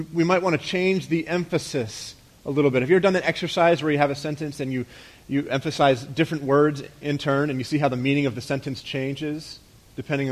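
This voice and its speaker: A man preaches to his congregation in a relaxed, conversational way. His voice sits a little high, and he often sinks quietly at the close of a thought. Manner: conversational preaching with rhetorical questions and soft drops at phrase ends. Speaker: pastor. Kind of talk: sermon.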